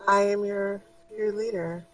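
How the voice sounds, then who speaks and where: A woman putting on a soft, kind spirit guide. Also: mid-range voice, steady tone, a little slow, distant mic, close to an everyday voice, poor audio. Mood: gentle, soothing. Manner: soft, gentle, motherly. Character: kind feminine spirit voice, guiding and compassionate.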